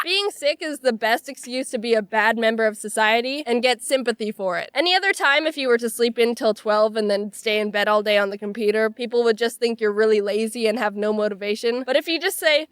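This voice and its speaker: A young woman with a stuffy, nasal voice from a cold, narrating funny stories with sarcastic, animated delivery. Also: a little high, smooth, dry recording, studio quality. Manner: animated, sarcastic, quick jokes. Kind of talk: comedic storytelling narration.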